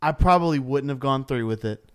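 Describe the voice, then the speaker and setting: A man, a podcast co-host explaining himself in a measured, slightly sheepish way. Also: medium pitch, smooth. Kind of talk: casual comedic chat.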